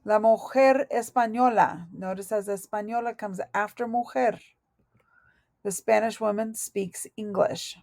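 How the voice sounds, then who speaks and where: A woman teaching a Spanish lesson from her notes, speaking slowly and deliberately and correcting herself aloud as she goes. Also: medium pitch, fairly even intonation, darkish tone, dry recording. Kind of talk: recorded lesson reading through notes.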